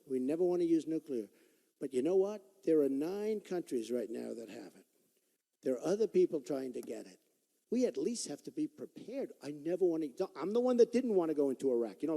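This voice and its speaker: A creaky, fairly high, mellow voice belongs to a sixty-something political candidate giving a rally speech in a big performing arts hall. His pitch swings widely as he speaks in a repetitive, boastful, conversational way, and his words ring with long reverb.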